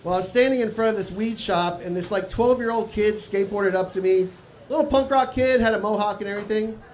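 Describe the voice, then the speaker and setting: A man's voice: sits high, a little fast, a little mellow. A man from Texas doing a live stand-up set at a small cafe, talking in a dry, conversational way with crude asides. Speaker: stand-up comedian.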